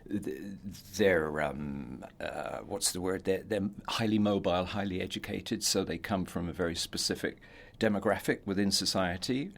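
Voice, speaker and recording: A man in his sixties with an English accent, an actor talking about his life in a relaxed interview. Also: low voice. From England. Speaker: actor guest. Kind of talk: casual interview chat.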